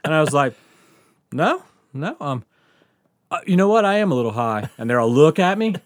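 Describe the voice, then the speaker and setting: A man's voice: fairly high pitch, sing-song, moderate pace, dry recording, clean studio sound. A man hosting a podcast, telling a story in casual chat, laughing often and swearing freely. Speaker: podcast host.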